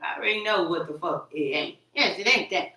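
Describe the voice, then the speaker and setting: A woman's voice: on the low side, lively intonation, fairly quick, sharp tone. Agitated rambling woman in an echoey room. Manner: agitated, repetitive, profane, quoting herself. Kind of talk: rambling livestream monologue. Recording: echoey room, far from the mic.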